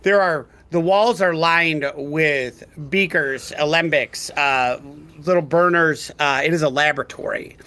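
A man narrating as game master of a tabletop game, describing scenes in a rambling, halting way full of fillers. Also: fairly high pitch, sharp tone, clear, resonant tone.

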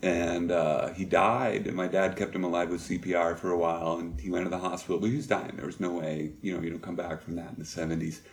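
A middle-aged man telling personal stories as an interview guest, halting and reflective with many pauses. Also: low-pitched, flat delivery. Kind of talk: candid personal storytelling.

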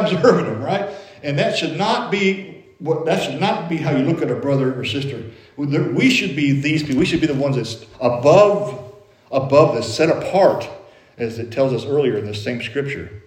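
Folksy preacher in a roomy church. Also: male voice, fairly high pitch, lively intonation, moderate pace. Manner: conversational, folksy preaching with everyday anecdotes. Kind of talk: sermon.

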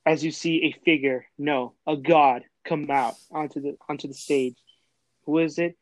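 A young man with a fairly high voice tells a long story in casual chat, and he keeps stumbling over fillers and restarts. He sounds close and dry, with no room around him. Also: steady tone, moderate pace, no room sound, rough recording. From Texas. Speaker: host.

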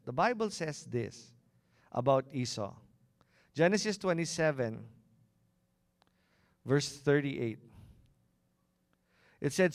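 A man's voice: on the high side, very animated, measured pace, long pauses, smooth, dry recording. A man preaching a sermon and often asking the congregation questions. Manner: engaging, asks the congregation questions. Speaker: pastor.

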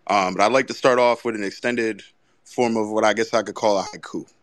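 Deep-voiced easygoing co-host man. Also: fairly even intonation, fairly bright tone. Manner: easygoing, many "um" pauses. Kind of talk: casual sports chat.

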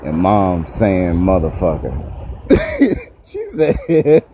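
Profane, animated man telling a story. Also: takes it slowly, highs cut off, a little hiss or hum. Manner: profane, laughs often, pitch leaps up when excited. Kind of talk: casual storytelling.

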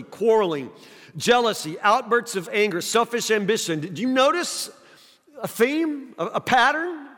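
High-voiced male pastor preaching in a reverberant hall. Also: a bit bright. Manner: conversational preaching with frequent restarts and direct questions to the congregation. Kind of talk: sermon.

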